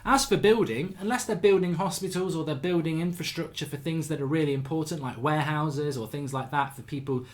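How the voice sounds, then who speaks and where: A man's voice: on the high side, brisk, hardly any pauses. A man, hosting a casual livestream chat and telling rambling anecdotes full of restarts. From England. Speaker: show host.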